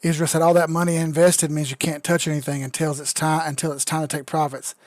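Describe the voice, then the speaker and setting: This tipsy streamer, who analyzes crypto charts, jokes around and swears freely in casual commentary, saying outright that he's drunk. He talks fast in a slightly high voice with little pitch movement. The audio has no echo.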